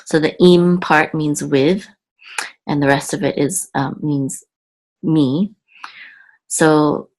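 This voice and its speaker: A woman teaching Biblical Hebrew word by word, patient and halting, often correcting herself. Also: deep voice, vocal fry. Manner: halting, with many fillers and self-corrections. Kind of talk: slow, patient word-by-word lesson.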